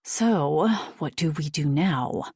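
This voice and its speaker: An exasperated woman doctor talks bluntly and fast when pressed, as a woman narrator puts her on. Her voice sits low with a husky, breathy grain. The recording is dry and close, like a small booth. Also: animated, a little mellow, dry recording, exaggerated voice. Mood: urgent. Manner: frustrated, blunt.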